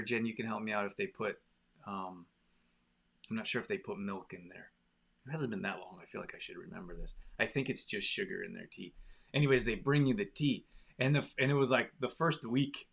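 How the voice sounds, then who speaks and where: A man's voice: fairly low pitch, gravelly, a bit bright. A man hosting a live stream, chatting casually with viewers and telling a rambling story. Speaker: live stream host reading viewer comments. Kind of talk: casual chat.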